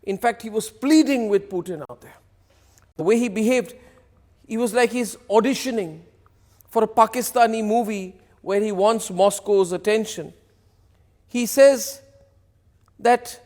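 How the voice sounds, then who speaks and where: A man's voice: high-pitched, a little slow, pauses often, darkish tone, in a large hall. A man, delivering a mocking, theatrical news monologue as an anchor. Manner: mocking, theatrical, impersonating quotes.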